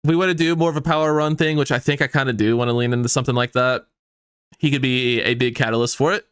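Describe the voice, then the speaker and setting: A man commenting on his own football video game dynasty, excitable and swearing often as his mood swings between hype and outrage. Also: mid-range voice, quick pace, smooth, no echo, studio quality. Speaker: gaming YouTuber. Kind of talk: let's play commentary.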